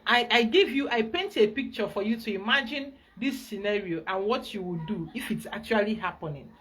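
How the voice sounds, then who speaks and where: A woman with a Nigerian accent, a spiritual guide giving an emphatic, animated teaching talk. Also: mid-range voice, brisk, a little hiss or hum.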